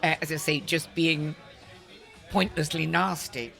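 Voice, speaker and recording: A woman's voice: low-pitched, steady tone, a little slow, vocal fry, fairly bright tone, soft background music. Blunt, teasing older woman host. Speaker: podcast host. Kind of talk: casual banter.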